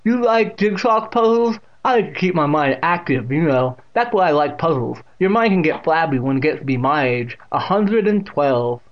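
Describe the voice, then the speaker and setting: A man voicing a cranky, very old woman in a storybook reading, slow and high-pitched. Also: animated, highs cut off, close to an everyday voice. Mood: chatty.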